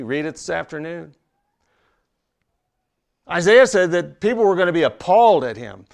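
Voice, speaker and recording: A man's voice: high-pitched, vocal fry. A man preaching a sermon in a dramatic way, sometimes dropping to near whispers for emphasis. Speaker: pastor.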